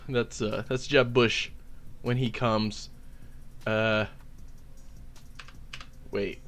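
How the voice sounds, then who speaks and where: A male comedy YouTuber talks in a slow, low, mumbling way. His casual asides come out at an unhurried pace. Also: steady tone, a bit bright, lo-fi sound.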